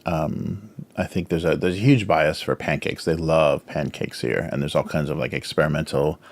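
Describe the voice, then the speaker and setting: A cartoonist with an extremely low-pitched voice hosts a casual drawing stream at a moderate pace. Snacking as he goes, he talks with his mouth full, rambles through many fillers, and chuckles often.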